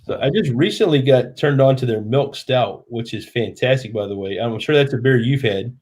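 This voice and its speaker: A man's voice: mid-range voice, moderate pace, darkish tone. A man in his thirties, tipsy, hosting a live stream in chatty, rambling casual talk. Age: 30s.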